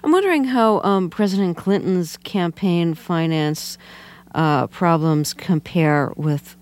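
A woman's voice: lowish voice, slow pace, darkish tone. A woman interviewing a guest, asking long, somewhat hesitant questions. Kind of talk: radio interview.

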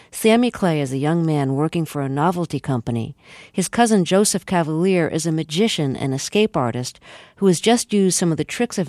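A woman radio host reading a calm, clear, scripted introduction of her guest. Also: low voice, no echo, studio quality.

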